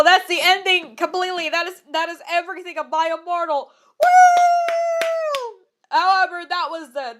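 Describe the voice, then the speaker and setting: A high-voiced young woman doing a comedic reading aloud, giggling and tossing in exasperated asides. She trips over words now and then but keeps going. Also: a bit bright. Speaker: online reader of bad fanfiction.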